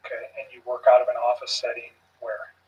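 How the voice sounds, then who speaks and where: A man questioning someone in a recorded police interview, calm and measured with frequent pauses. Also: medium pitch. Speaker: police investigator. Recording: muffled, distant room recording.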